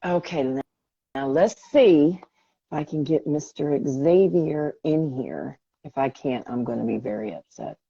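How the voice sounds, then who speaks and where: A woman's voice: low-pitched, lively intonation, unhurried, gravelly, warm tone, slightly rough, dry recording. A woman hosting a casual live stream, talking to herself as she struggles with the app and grows frustrated. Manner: frustrated, talking to herself while fixing tech. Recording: dull lo-fi stream audio.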